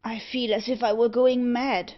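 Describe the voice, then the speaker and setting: A woman voicing a bitter, frightened young gentleman, delivering his lines slowly and tensely. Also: a little high, little pitch movement, natural voice. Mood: agitated. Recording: dull lo-fi audiobook recording.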